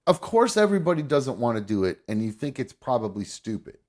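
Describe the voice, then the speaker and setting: Lively-voiced male podcast host. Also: mid-range voice, a little fast. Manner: rambling, profane, restarts. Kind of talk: casual chat.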